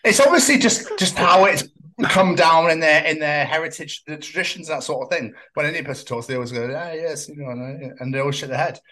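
A man's voice: fairly high pitch, quick pace, sharp tone. A man co-hosting a casual comedy podcast chat, swearing freely and laughing often. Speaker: podcast co-host.

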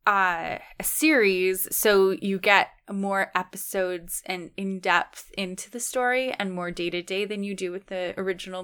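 A woman's voice: mid-range voice, fairly bright tone, clear, resonant tone. A young Canadian woman co-hosting a podcast, chatting in an upbeat, agreeable way and often laughing. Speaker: podcast co-host. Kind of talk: casual podcast chat.

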